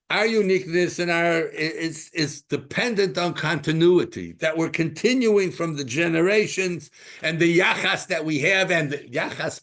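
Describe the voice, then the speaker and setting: A man in his sixties teaching a Torah class, animated and full of rhetorical questions and stories. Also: a little high.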